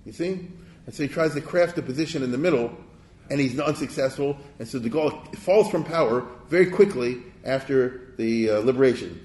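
A man's voice: medium pitch, a little fast, darkish tone. Digressive man lecturing in an echoey hall. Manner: conversational, with rhetorical check-ins; digressive, with restarts. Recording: echoey room.

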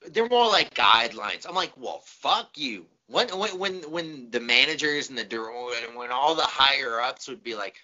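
Man ranting in lively, sharp tones. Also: medium pitch, normal speed, few pauses, highs cut off. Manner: profane, exasperated ranting. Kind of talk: casual chat.

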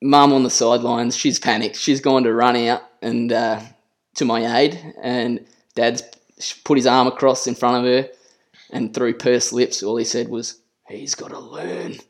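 A young Australian man co-hosting a casual podcast, telling a childhood story in a relaxed, easygoing way. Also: medium pitch, normal speed. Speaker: podcast co-host.

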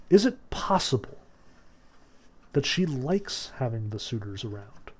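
A man's voice: medium pitch, big pitch swings, unhurried, pauses often, breathy edge. A man giving a casual lecture and reading passages aloud, in a chatty, questioning style full of "like" and "you know". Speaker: literature teacher.

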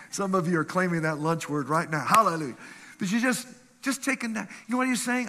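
A man preaching a sermon with lively energy. He reads scripture aloud, asks the congregation questions and laughs often. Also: high voice, a little fast. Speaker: pastor. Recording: long reverb of a hall.

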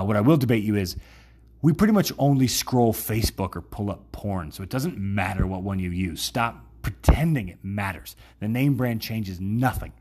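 Podcast host, man in his thirties, rambling and self-mocking, very lively pitch. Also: breathy edge. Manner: rambling, wry, self-deprecating. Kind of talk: casual monologue.

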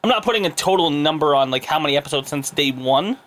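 A man's voice: on the high side, animated, quick pace, fairly bright tone. A young man hosting a podcast, chatting casually with a co-host, swearing a lot and laughing often. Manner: laughing, swearing, joking banter. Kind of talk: casual chat.

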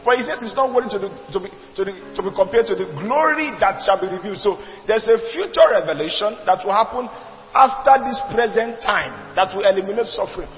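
A man's voice: high-pitched, lively intonation, fast talker, slight background noise. A man preaching a sermon, emphatic and repetitive, calling on the congregation to respond. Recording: dull lo-fi recording with long reverb.

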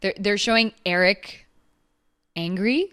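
A woman's voice: mid-range voice, slow, pushed and bright, clear, resonant tone. A woman co-hosting a podcast in casual chat, rambling with many restarts and fillers. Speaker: podcast co-host.

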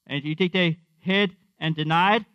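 A man's voice: fairly high pitch, normal speed, sharp tone, clean tone, no room sound, dull audio. A man preaching a conversational sermon, repeating his refrains and acting out quotes.

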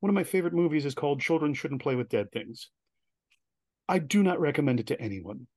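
A man as an interview guest, telling animated stories and acting out the voices of people he quotes. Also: fairly high pitch, a little fast, no room sound, studio quality. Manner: animated storyteller who acts out quoted voices. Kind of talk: casual storytelling interview.

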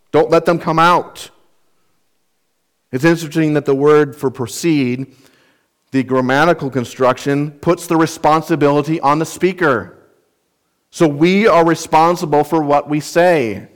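A man whose voice is fairly high and a little slow preaches as a pastor, giving an earnest, emphatic expository sermon that explains word meanings and asks his listeners rhetorical questions.

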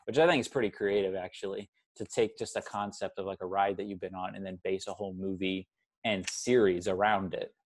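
A man's voice: sits low, steady tone, a little fast. A young man in his twenties, co-hosting a casual movie podcast, rambling and correcting himself as he talks. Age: 20s. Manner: rambling, self-correcting, chatty. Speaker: podcast co-host.

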